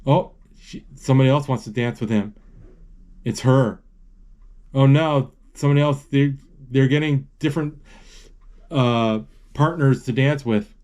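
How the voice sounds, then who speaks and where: Slow, halting man retelling a movie. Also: mid-range voice. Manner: halting, searching for words, excited exclamations. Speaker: movie narrator. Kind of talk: casual live retelling of a film.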